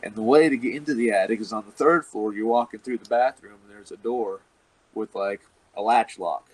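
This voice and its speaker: A man's voice: on the low side, brisk, a little mellow, poor audio. A man, a wrestler, telling a rambling, profane story in casual chat and laughing often. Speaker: professional wrestler guest.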